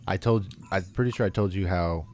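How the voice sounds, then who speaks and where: A man co-hosting a podcast, talking in a relaxed, slangy, casual way. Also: deep voice, fairly quick, a little hiss or hum. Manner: relaxed, supportive listener with slangy replies. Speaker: podcast co-host.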